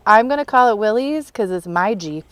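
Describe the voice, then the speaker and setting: A woman co-hosting a car restoration video, chatting casually, excited and laughing often. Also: mid-range voice, a little fast, clean tone, dry recording. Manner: bubbly and excited, laughs often, rambling explanations. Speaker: co-host and producer of a car restoration channel. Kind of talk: casual on-camera chat.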